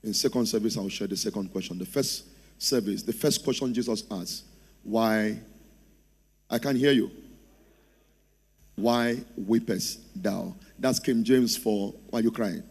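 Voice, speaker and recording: A man preaching to his congregation. His voice sits low and a little husky. He keeps asking the room to answer him and repeat his words. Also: brisk, darkish tone. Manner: preaching, urging the congregation to respond. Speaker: pastor. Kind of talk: sermon with call-and-response. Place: church service.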